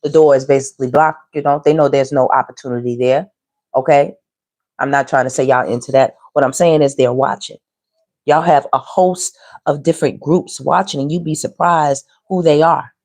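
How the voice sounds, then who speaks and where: A woman's voice: deep voice, fairly even intonation, moderate pace, darkish tone. A woman giving a casual, teasing tarot reading straight to her viewers. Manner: chatty, teasing, talks straight to viewers with slang. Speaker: tarot reader.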